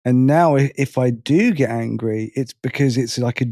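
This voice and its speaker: A man co-hosting a podcast, talking casually in halting restarts and swearing freely. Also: medium pitch, warm tone, no room sound, studio quality. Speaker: podcast co-host.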